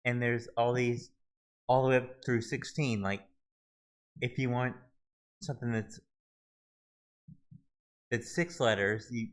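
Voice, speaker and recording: A man walking viewers through a website search tool in a halting, casual screen-recorded tutorial, often restarting his sentences. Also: medium pitch, steady tone, low-quality recording. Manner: halting, many restarts and fillers. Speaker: video tutorial host.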